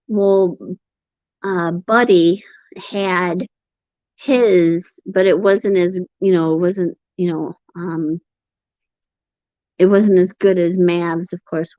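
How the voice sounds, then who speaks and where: A woman chatting on a home livestream in a meandering, halting way, pausing to sigh as she gathers her thoughts. The sound is dull and lo-fi, and it is bone dry, with no room around her voice. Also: on the low side, no room sound. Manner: rambling, halting, sighs between thoughts. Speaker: livestream host reading chat. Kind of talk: casual livestream chat.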